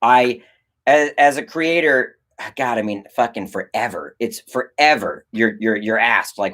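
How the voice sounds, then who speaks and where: Animated rambling man on a livestream. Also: mid-range voice, moderate pace. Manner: animated, rambling, swears, acts out quoted exchanges. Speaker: filmmaker answering chat on a livestream. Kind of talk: casual livestream chat.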